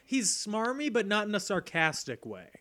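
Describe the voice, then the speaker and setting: A man's voice: high-pitched, huge pitch swings, moderate pace, sharp tone. A man hosting a podcast, chatting casually and joking playfully. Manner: playful, jokey, laughs often. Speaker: podcast host.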